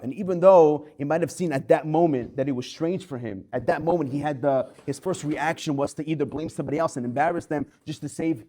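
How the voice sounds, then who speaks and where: A man teaching a Torah class as a rabbi, telling stories with lively acted-out quotes. His voice sits a little high for a man. The delivery is animated, shifting between narration and quoted lines.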